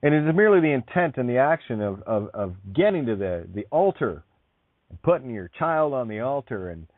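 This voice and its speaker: A man's voice: mid-range voice, sing-song, brisk, no echo. A man hosting an internet radio show, talking bluntly with swearing, laughing and restarting as he goes. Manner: blunt, profane, emphatic. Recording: tinny phone-like sound, dry.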